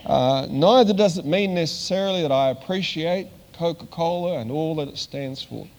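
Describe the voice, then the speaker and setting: A man's voice: fairly high pitch, moderate pace, a little mellow. Older man preaching in a reverberant hall. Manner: conversational, with dry humor and many fillers. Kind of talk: sermon.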